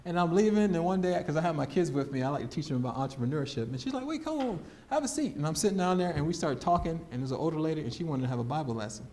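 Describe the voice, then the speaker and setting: A man shares a testimony. He tells it with plenty of animation, acting out the voices in his story and breaking into laughter, in a voice sitting a bit high for a man. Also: racing, hardly any pauses, darkish tone. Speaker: guest speaker.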